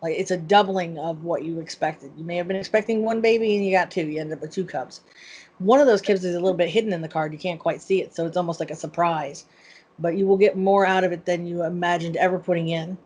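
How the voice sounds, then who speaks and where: A woman explaining a tarot spread in a measured, thoughtful way, reading its meaning intuitively. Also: on the low side, fairly even intonation, a little mellow, breathy edge, rough recording. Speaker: tarot expert guest.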